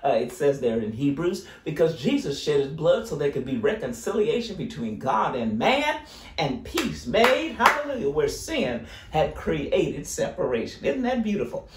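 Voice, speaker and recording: A man's voice: a little high, very animated, normal speed, reverberant, far from the mic. A man teaching a Sunday school lesson, preaching fervently with frequent exclamations of praise. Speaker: Bible teacher.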